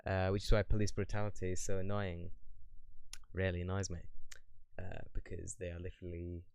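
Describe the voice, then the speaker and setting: A man's voice: deep voice, completely flat delivery, brisk, gravelly, darkish tone, clear, resonant tone, no room sound. A young man in a casual question-and-answer vlog, talking bluntly in a rambling, opinionated way. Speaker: YouTuber.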